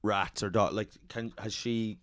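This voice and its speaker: A man, co-hosting a podcast with dry, profane, low-key quips, recorded in a shed. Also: fairly even intonation, a little slow, a bit bright, no echo. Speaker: podcast co-host. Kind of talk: casual chat. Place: garden shed studio.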